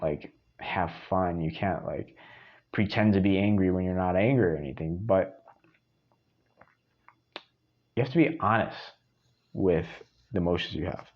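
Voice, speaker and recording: A man's voice: deep voice, dull audio. A man giving blunt, profane dating advice in a monologue, hammering points home by repeating words. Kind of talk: monologue to camera.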